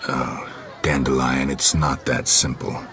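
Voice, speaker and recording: A man's voice: a bass voice, level tone, a little slow, a bit bright. A man voicing a weary, stoic male monster hunter who speaks in a dry, terse, sardonic way. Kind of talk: video game voice acting.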